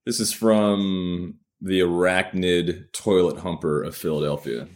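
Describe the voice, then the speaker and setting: A man's voice: deep voice, fairly even intonation, measured pace. A man who is a stand-up comedian, talking candidly and rambling in a solo video podcast, self-deprecating and swearing freely.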